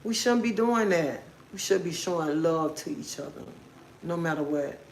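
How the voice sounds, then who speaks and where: A woman's voice: on the low side, expressive, moderate pace, reverberant, a little hiss or hum, poor audio. A woman hosting a livestream, giving a repetitive, preachy, encouraging motivational talk. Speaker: livestream host.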